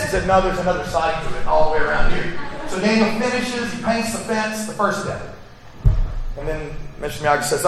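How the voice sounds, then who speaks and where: A man preaches a sermon, retelling a story and playing each character with rising fervor. His voice sits high, and it carries through a big, echoing hall. He is heard from a distance, with steady noise under the sound. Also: brisk, gravelly. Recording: echoey hall from far off, with noise.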